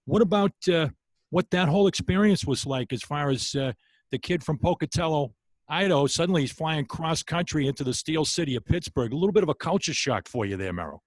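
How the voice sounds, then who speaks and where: A man's voice: on the high side, expressive, brisk, dry recording. Dry-sounding male podcast host. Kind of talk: interview host.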